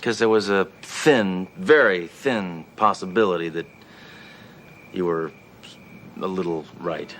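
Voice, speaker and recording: A man's voice: deep voice, slow pace, long pauses, a bit bright. An actor playing a brash, boastful male police detective with a blunt, smug manner. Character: brash trigger-happy male cop, smug.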